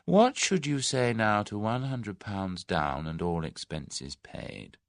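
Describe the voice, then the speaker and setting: A man's voice: on the low side, expressive, slow pace, gravelly, no echo, clean studio sound, voice pushed up, heavily acted. A man doing a suave scheming businessman. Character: smooth, scheming middle-aged businessman, genial then menacing.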